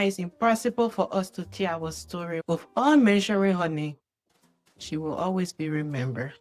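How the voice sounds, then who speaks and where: Tearful woman caller giving a heartfelt tribute. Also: medium pitch. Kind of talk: emotional phone-in tribute.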